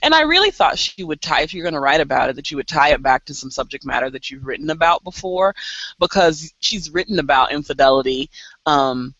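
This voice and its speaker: Bright-voiced woman on lo-fi audio. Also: low voice, fairly quick, dry recording. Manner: animated, laughing, exasperated asides. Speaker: podcast co-host. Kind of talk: casual chat.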